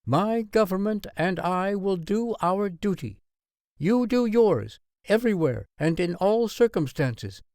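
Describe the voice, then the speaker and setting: A queen addresses her nation on the radio, voiced by a man. She sounds outraged and defiant, and her voice rises high above his own. Her speech rings out as a stirring proclamation with lively sweeps of pitch. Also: no room sound, clean studio sound. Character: Dutch monarch, a woman giving a defiant wartime radio address.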